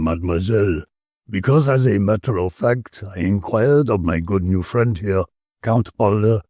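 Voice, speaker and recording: A man voicing a huge, bold old Dutchman who speaks slowly, with a strong guttural accent. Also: fairly low pitch, warm tone, dry recording, clean studio sound. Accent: strong guttural foreign accent.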